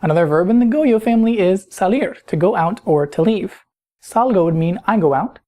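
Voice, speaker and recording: A woman's voice: medium pitch, expressive, fairly quick, warm tone. A woman teaching a recorded grammar lesson, patient and explanatory, often putting questions to the listener. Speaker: Spanish teacher.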